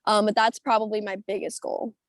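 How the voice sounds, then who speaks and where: A woman's voice: mid-range voice, brisk, no room sound. A young woman from the United States, a singer telling stories in a chatty, rambling way over a video call, full of fillers and laughter. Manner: bubbly, animated, rambling with many fillers and laughs. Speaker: singer being interviewed.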